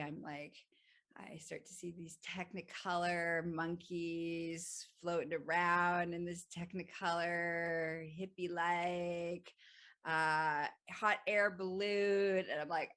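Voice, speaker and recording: Laughing, animated woman podcast host. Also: on the low side, slow pace. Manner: animated, laughs often, swears freely. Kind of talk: personal storytelling monologue.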